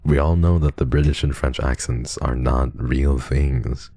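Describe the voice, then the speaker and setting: A male streamer who is unwell, chatting casually on a livestream while reading donations, soft and drowsy in tone, often trailing off. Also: extremely low pitch, fairly even intonation, measured pace, no room sound.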